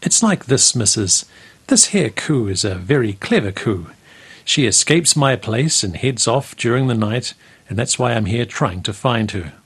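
A man's voice: medium pitch, lively intonation, measured pace, husky. Man putting on a sly old Irish farmer. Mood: wheedling. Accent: Irish brogue. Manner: wheedling, stammering excuses.

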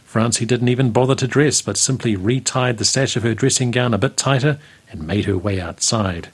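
A man reading a country story aloud in a steady, unhurried way. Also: mid-range voice, slightly rough.

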